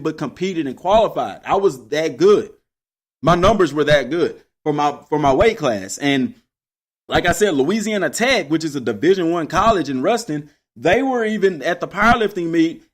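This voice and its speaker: Animated high-voiced man. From Texas. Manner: animated, addresses listeners as y'all. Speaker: podcast host. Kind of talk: casual storytelling monologue.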